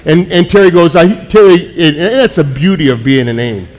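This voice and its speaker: Man, preacher, sermon storytelling, slightly high voice, long hall reverb. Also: moderate pace, soft background music. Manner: animated storytelling, many restarts. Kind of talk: sermon with personal stories.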